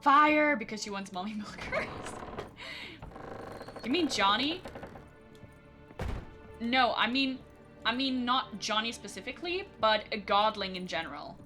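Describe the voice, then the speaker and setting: A woman streamer chats and reacts out loud while playing, her pitch swinging in lively arcs. Her voice sits a little high, with game music behind her. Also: unhurried, pauses often. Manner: chatty and animated, reacting out loud. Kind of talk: live gameplay commentary.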